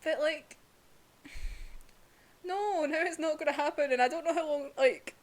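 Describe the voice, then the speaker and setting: A woman's voice: sits high, a little slow. A young woman, ranting casually and emotionally in a vlog, laughing often and swearing. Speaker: vlogger reviewing manga.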